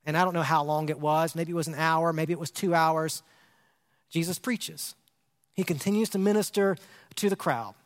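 A man's voice: fairly high pitch, fairly even intonation, normal speed. A man pastor preaching a conversational sermon, asking the congregation questions and often repeating words as he restarts phrases. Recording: long hall reverb.

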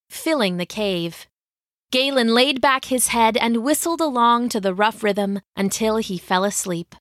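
Slow-reading woman storyteller. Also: mid-range voice, fairly bright tone, no room sound, studio quality. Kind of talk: scripted narration.

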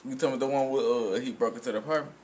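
A man in casual chat, animated and laughing, trading movie lines with a friend. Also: mid-range voice, racing, background noise.

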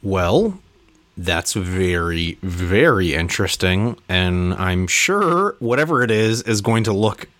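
Laid back podcast cohost guy, low voice, casual gaming talk. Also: big pitch swings, takes it slowly, a bit bright. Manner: easygoing, laughs along. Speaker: podcast co-host. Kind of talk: casual chat.

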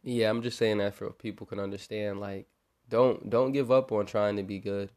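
A man's voice: lowish voice, fairly even intonation, moderate pace, a little mellow. A young man hosting a podcast, talking earnestly and informally about faith and forgiveness, often repeating his words as he goes. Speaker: podcast host. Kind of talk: informal religious encouragement.

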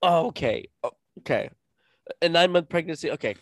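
Deadpan man co-hosting a podcast. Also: on the high side, brisk, dry recording, studio quality. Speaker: podcast co-host. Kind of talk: casual podcast chat.

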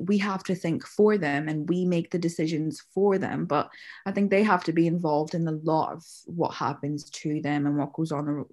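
Chatty woman. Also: low voice. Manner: chatty storyteller, acts out quotes, laughs often. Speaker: mother sharing her story. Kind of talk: casual chat.

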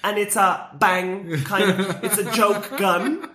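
An enthusiastic podcast co-host chatting casually and rambling through fond memories, full of fillers and restarts. They talk freely, leaning on "like" as they go, and their pitch sits in the middle range. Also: steady tone, slow pace, a bit bright, a little hiss or hum. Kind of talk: casual chat.

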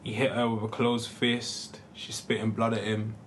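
Young man, casual podcast chat, animated storyteller, slangy, faint background noise. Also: fairly low pitch, normal speed. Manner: animated storyteller, heavy slang, many fillers. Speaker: podcast co-host. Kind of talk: casual chat among friends.

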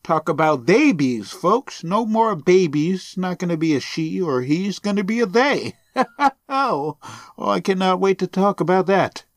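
Brief: male podcast host, sarcastic and profane, lively pitch swings, dry close sound. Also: unhurried, no room sound. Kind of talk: sarcastic solo podcast rant.

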